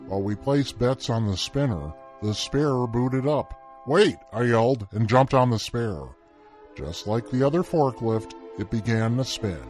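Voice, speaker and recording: A man's voice: medium pitch, animated, a little slow, a little mellow. A man reading his own short first-person story in a dry, matter-of-fact way. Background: music.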